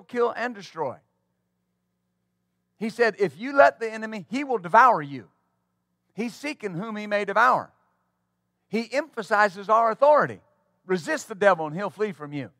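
A man preaches with fervor, his voice pitched high for a man. The sound is dry and close, with no room around it. He drives his points home and throws quick asides to the congregation. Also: pushed and bright, no echo. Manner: fervent preaching with call-and-response asides. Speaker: pastor. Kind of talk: sermon.

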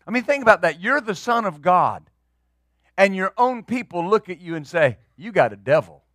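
High-voiced, bright preaching pastor. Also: male voice, animated, normal speed, dry recording, studio quality. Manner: preaching with rising, emphatic outbursts and repeated words. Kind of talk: sermon.

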